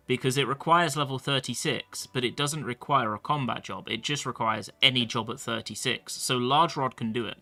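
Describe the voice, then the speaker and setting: A man's voice: mid-range voice, sharp tone. A male streamer chatting casually about his game and reading chat messages aloud. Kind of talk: live-stream gameplay commentary.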